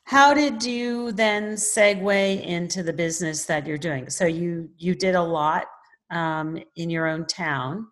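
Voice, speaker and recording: A woman hosts an interview and asks her guest one follow-up question after another. Her voice sits very low for a woman. Her delivery is probing and direct. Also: steady tone, slow pace, a bit bright. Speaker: host.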